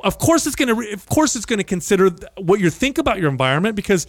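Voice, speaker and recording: A man's voice: sits high, big pitch swings, fast, no room sound. Blunt, reflective male host. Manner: reflective, blunt, swears casually. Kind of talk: casual chat.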